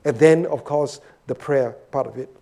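A man teaching through a psalm verse by verse, animated and often checking in with his listeners. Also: mid-range voice, moderate pace, gravelly. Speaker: Bible teacher. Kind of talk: expository sermon.

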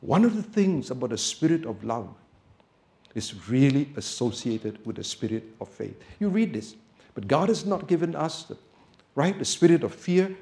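A male preacher telling a story in a sermon, going from soft, quiet storytelling to loud, emphatic preaching. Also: mid-range voice, big pitch swings, moderate pace, gravelly.

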